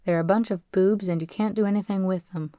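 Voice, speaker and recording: A woman's voice: medium pitch, fairly even intonation, fairly quick, warm tone, dry recording, natural voice. A woman doing a brusque oil-man father. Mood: impatient. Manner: brusque, clipped country speech. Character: gruff brisk oil-man father, impatient.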